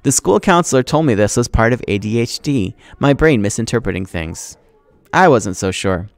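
A man's voice: mid-range voice, lively intonation, moderate pace, vocal fry, no echo. A man teacher reading a novel aloud to his class, acting out the dialogue with expression.

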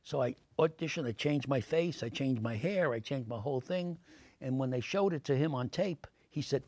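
An older man, an actor answering interview questions with lively anecdotes full of fillers, in a TV studio. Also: mid-range voice, normal speed, dry recording. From Brooklyn, New York. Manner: animated anecdotes, many fillers, acts out quoted voices.

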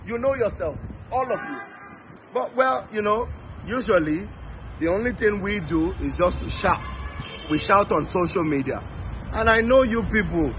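Fiery high-voiced Nigerian man. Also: animated, moderate pace, sharp tone, a little hiss or hum, rough recording. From Lagos, Nigeria. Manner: angry, fiery, swears often, repeats words. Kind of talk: impassioned protest address.

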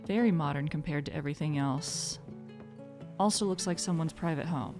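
A young woman giving gentle, calm and reflective commentary while she plays a game. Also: low-pitched, normal speed, over music. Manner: soft-spoken, calm and reflective. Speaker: gaming video host. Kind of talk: gentle mindful gameplay commentary.

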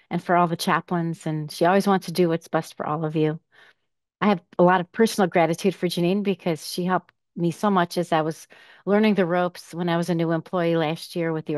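A woman's voice: fairly low pitch, darkish tone, no room sound, studio quality. A woman who works as a director of pastoral care records a plain, sincere tribute message.

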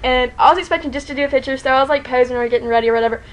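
A woman telling a story to the camera in a casual vlog, excited and rambling, saying "like" constantly and laughing often. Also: high-pitched, racing, poor audio. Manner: excited, rambling, heavy use of "like", frequent laughter.

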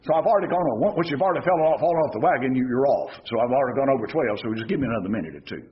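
A man preaching a sermon as an elder, swinging between raised shouts and hushed low tones, and asking the congregation questions that he answers himself. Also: expressive, very fast, dull audio, a little hiss or hum.

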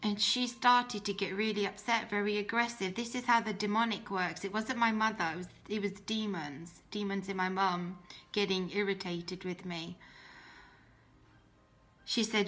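Bright-voiced woman sharing a heartfelt testimony. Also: mid-range voice, steady tone, moderate pace. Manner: earnest and heartfelt, with frequent restarts. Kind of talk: personal faith testimony.

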